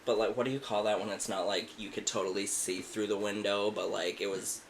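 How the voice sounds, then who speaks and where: A man's voice: lowish voice, flat delivery, a little fast, slight background noise, poor audio. A man in his thirties on a podcast, telling a story in a casual, rambling way, swearing a lot and filling it with "like". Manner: profane, rambling, lots of "like". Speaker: podcast co-host.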